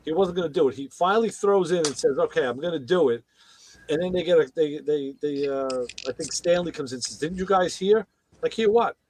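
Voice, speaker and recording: A man's voice: fairly high pitch, fast talker, a little mellow, slight background noise. A man chatting casually on a podcast, retelling TV episodes and acting out the characters' lines in raised voices. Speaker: podcast co-host.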